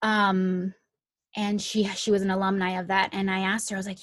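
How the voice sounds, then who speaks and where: A woman's voice: mid-range voice, normal speed, dry recording, studio quality. A young woman from Miami, an actress, tells an emotional personal story in a chatty way full of "like" and restarts. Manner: animated when retelling, rising excitement. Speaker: guest, actress.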